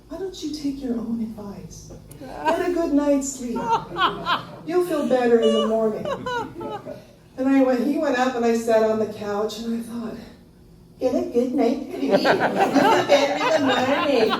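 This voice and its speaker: In a live storytelling performance, a woman in her fifties shares a personal story on stage at a small venue with an audience present. She is animated and laughs a lot, squealing high when she quotes herself, and the echoey room leaves her a bit distant with faint background noise.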